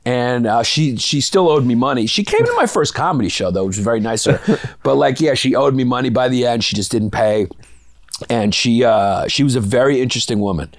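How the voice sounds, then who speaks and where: A man's voice: mid-range voice, sing-song, brisk, no echo, clean studio sound. A man from Brooklyn, telling rambling, profane stories as a comedian guest in a casual interview. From Brooklyn, New York. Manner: rambling, profane, laughs through his stories.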